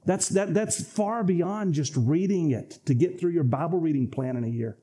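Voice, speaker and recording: Husky, emphatic male preacher. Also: a little high, normal speed, mellow. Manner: emphatic and repetitive, addressing "folks". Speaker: pastor. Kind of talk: sermon.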